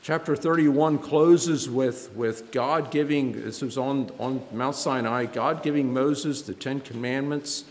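A man preaching a sermon, halting and repeating words, his voice climbing when he stresses a point. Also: mid-range voice, darkish tone. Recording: reverberant hall with faint noise.

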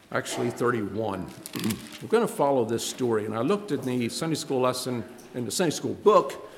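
A man preaching a sermon, halting and repeating words, his voice climbing when he stresses a point. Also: mid-range voice, creaky. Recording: reverberant hall with faint noise.

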